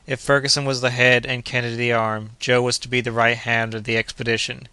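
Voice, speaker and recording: A man reading a classic adventure novel aloud as an audiobook narrator, in a measured, even manner. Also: mid-range voice, smooth, no room sound. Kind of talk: scripted narration.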